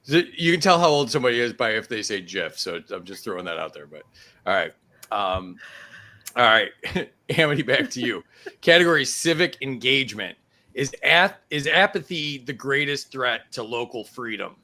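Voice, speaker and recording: Bright-voiced man hosting a game show. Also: medium pitch, sing-song, moderate pace. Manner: laughs easily between questions. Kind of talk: casual live-stream game show hosting.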